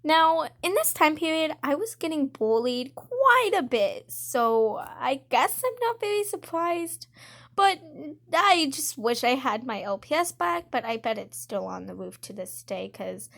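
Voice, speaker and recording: High-voiced woman telling slow storytimes. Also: sing-song, vocal fry, fairly bright tone. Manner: chatty, frames every quote with "I'm just like". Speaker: storytime vlogger. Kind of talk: casual storytime narration over gameplay.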